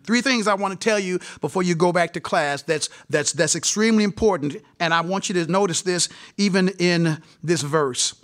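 High, bright-voiced impassioned male preacher. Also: normal speed, hardly any pauses. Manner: impassioned, repetitive preaching with emphatic direct address. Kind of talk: sermon. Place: seminary gathering.

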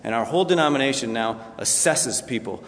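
A man's voice: mid-range voice, lively intonation, brisk, a bit bright. Conversational male pastor in a reverberant hall. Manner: conversational, dramatizes scripture with acted asides. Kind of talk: sermon.

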